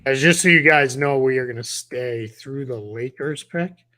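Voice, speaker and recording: A man's voice: medium pitch, normal speed, sharp tone. A man hosting a casual live stream, talking in a rambling way with many fillers and restarts. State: has the hiccups. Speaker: podcast host.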